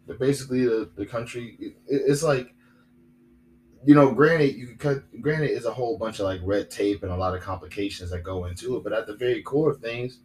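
A man's voice: mid-range voice, brisk, darkish tone, slight background noise, rough recording. A young man hosting a solo podcast, rambling and repeating himself with lots of fillers. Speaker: podcast host.

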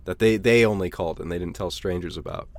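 A man co-hosting a casual comedic movie chat, dropping dry, deadpan jokes. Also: deep voice, fast, dry recording. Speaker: podcast co-host.

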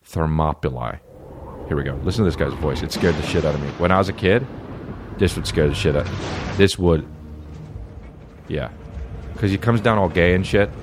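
A man's voice: low voice, moderate pace, pauses often, noisy background. A young man hosting a podcast, riffing profanely in casual comedic chat and jumping into silly voices. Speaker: podcast host.

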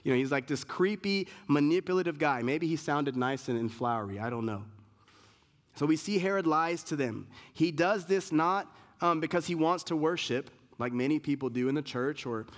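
This sermon comes from a male pastor whose voice sits on the high side, animated and at a moderate pace. He preaches emphatically, restarting and stacking repeated lists to build each point, and the sound carries a large hall's long reverb.

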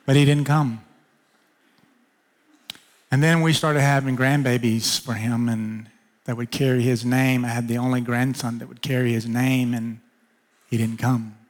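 A pastor preaching a sermon folds in a personal story, playing out the conversation with sharp upward jumps in pitch for his protests and a hushed, low tone for softer lines. Otherwise his pitch moves little; he keeps a measured pace, pauses often, and his voice trails off in long reverb.

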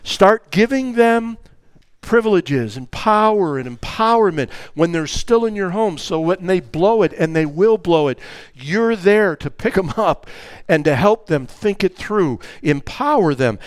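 A man's voice: high-pitched, a little slow, no echo. An older man, a grandfather, preaching a sermon on raising children, speaking emphatically and acting out family conversations. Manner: animated, emphatic, acts out family dialogues.

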